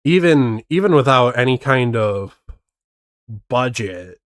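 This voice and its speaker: A man chats slowly and skeptically as he reacts to a video on stream, working out how each trick was done. His voice is close and dry, with no room sound around it. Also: mid-range voice, lively intonation, a bit bright, no echo. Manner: skeptical, picks apart tricks. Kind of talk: casual reaction commentary.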